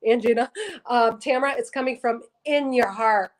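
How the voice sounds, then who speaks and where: A woman's voice: on the high side, fairly even intonation, moderate pace, low-quality recording. A woman doing a spiritual livestream reading, speaking earnestly and emotionally, rambling and correcting herself as she reads viewer comments. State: teary, emotional. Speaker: psychic reader on a livestream. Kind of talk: casual spiritual livestream talk.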